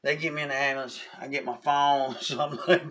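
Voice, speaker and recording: A man, telling a personal story in a casual, animated way, often asking "you know what I'm saying?". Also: mid-range voice, brisk. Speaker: vlogger.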